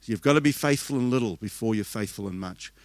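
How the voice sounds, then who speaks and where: An older New Zealand pastor with a lowish voice preaches a conference sermon at a fast clip, with no room sound. He tells stories, often restarting and breaking into laughter.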